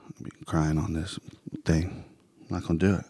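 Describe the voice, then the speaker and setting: Deep-voiced man in earnest casual talk. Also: flat delivery, normal speed, warm tone, breathy edge, dry recording, clean studio sound. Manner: conversational, earnest, with many fillers and rhetorical questions. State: emotional. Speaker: host reflecting on a worship song.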